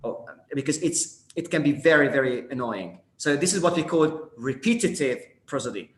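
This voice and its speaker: A man's voice: mid-range voice, lively intonation, normal speed, a bit bright. A man co-teaching a workshop, explaining in a conversational way with fillers. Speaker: workshop instructor. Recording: echoey room.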